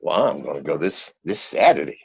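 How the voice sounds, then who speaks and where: A man doing a bashful, stammering farmer with a Southwestern US drawl, gravelly and husky, with a low voice that jumps in pitch. He is polite and naive. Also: big pitch swings, a little fast, darkish tone, highs cut off, exaggerated voice. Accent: Southwestern US rural.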